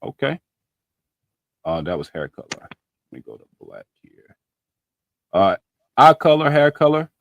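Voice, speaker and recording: A man's voice: mid-range voice, huge pitch swings, unhurried, gravelly, long pauses, lo-fi sound, noisy background. A man hosting a podcast, running a playful dating quiz with friends over a video call, teasing and using loose slang. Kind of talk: casual group chat on a video call.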